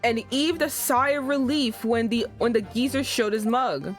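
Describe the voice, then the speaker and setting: A woman voicing a rough male thief witness with a put-on Cockney accent, gruff and rambling. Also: on the high side, moderate pace, soft background music, pitched above the performer's own voice, close to an everyday voice. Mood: nervous.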